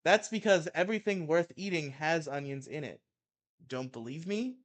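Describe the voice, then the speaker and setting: A man's voice: fairly high pitch, lively intonation, moderate pace. A young man co-hosting a casual show, reading a comedy article aloud with mock outrage and laughing at his own reading. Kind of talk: casual chat and comic dramatic reading.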